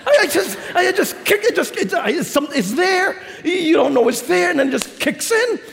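A male pastor with a New York accent preaching a sermon in a large auditorium, telling stories with laughter and shouted punchlines. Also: extremely high pitch, very animated, moderate pace, creaky, big-room sound.

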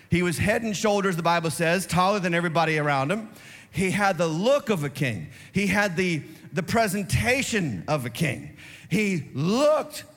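High-voiced pastor preaching in reverberant hall. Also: male voice. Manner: animated storytelling, acts out Bible scenes. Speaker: lead pastor. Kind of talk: sermon. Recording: long reverb of a large church hall.

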